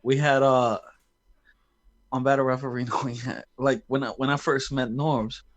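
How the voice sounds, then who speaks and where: A man co-hosting a casual live-streamed chat, an animated storyteller who laughs often. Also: mid-range voice, normal speed, highs cut off. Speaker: co-host.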